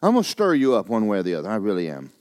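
An older man, preaching a sermon in a church. He moves between loud, urgent preaching and quiet, joking asides. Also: fairly low pitch, huge pitch swings, racing, clear, resonant tone, dry recording. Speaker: pastor. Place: church sanctuary.

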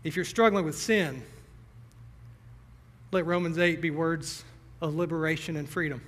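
A young man preaching in a church sanctuary, his fairly high voice carrying through a long, echoing hall. He speaks to the congregation directly and earnestly. He sounds a little teary and emotional. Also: fairly even intonation, unhurried, fairly bright tone. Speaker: pastor. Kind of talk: sermon.

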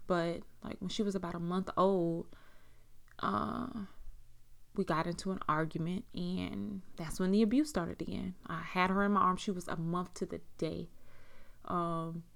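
A woman's voice: fairly low pitch, creaky, a bit bright. A young woman candidly telling a personal story in a casual way, swearing freely and using lots of fillers. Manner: frank, casual, swears freely, many "like" and "you know" fillers. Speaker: storyteller recounting personal experience.

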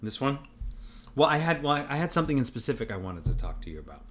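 A man in his forties hosting a casual podcast chat, speaking in a measured way and often restarting his sentences. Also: medium pitch, sing-song, a bit bright, soft background music. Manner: hesitant, measured, with many restarts. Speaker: podcast host.

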